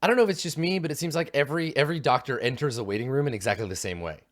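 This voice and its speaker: A man's voice: medium pitch, rapid-fire. A man narrating a tabletop game as game master, rambling with many fillers.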